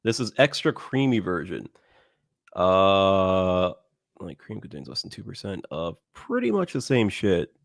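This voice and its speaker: A man's voice: deep voice, very animated, measured pace, gravelly, dry recording. A man co-hosting a casual podcast, blunt and teasing, reading labels aloud with dry remarks. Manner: blunt, teasing, reads ingredient lists aloud. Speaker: podcast co-host.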